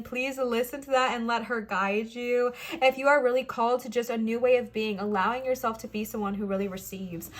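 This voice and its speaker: A woman giving a casual pick-a-card tarot reading, speaking in enthusiastic, encouraging bursts full of affirmations and chatty asides to her viewers. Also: fairly high pitch. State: out of breath at times. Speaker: tarot reader, channel host.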